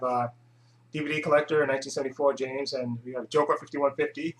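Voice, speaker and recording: Talking to camera on his own YouTube channel, a man with a mid-range voice chats casually, heavy with hesitations and restarted thoughts as he rambles. The recording is low quality.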